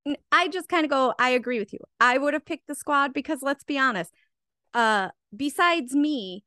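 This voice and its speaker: A woman with a high voice, tipsy and chatting about a movie. She picks apart details in a dry, matter-of-fact way, and her voice sounds close and dry. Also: expressive, normal speed, pushed and bright, dry recording. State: tipsy from drinking. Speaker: podcast co-host. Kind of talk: casual movie-review chat.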